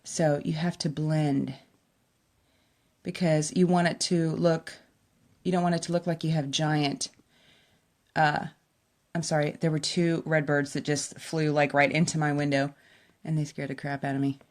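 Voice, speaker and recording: Sitting by a window at home, this woman runs an upbeat, talkative makeup tutorial aimed directly at her audience. She speaks low and flat at a measured pace, leaving long pauses.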